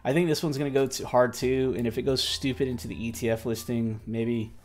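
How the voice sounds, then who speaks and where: Faint background music plays as a tired man with a steady, mid-range voice hosts a crypto market livestream a little fast. Yawning, he rambles in slang, loosely restarting and correcting himself.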